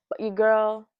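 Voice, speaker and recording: A young woman telling a dating story in a casual vlog, sassy and animated as she acts out both sides of the conversation. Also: mid-range voice, clear, resonant tone, no room sound, dull audio. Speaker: storytelling vlogger.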